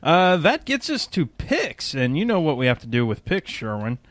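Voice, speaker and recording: A man's voice: huge pitch swings, moderate pace, fairly bright tone. A man hosting a podcast in a jokey, chatty way, laughing often. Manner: jokey, laughs often, pitch jumps around. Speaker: podcast host. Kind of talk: casual podcast chat.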